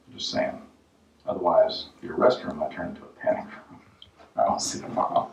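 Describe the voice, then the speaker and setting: A man's voice: sits low, a little fast, creaky, long pauses, a little mellow. A man hosting a home renovation vlog, tossing out dry jokes and offhand life tips in a casual way. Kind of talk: casual joking vlog talk. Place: job site and car. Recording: roomy, distant and dull-sounding.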